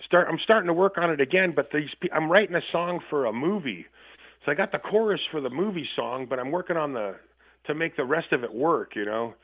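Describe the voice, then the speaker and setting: A man's voice: fairly high pitch, animated, fairly quick. A man calling in as a guest musician, telling rambling, profane stories with frequent laughs. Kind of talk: casual storytelling chat. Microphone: phone call. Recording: tinny phone line.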